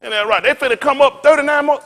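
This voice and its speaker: A man preaching a fiery sermon, firing rhetorical questions at the congregation and dropping into low, conversational asides. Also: fast, sharp tone. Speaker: pastor.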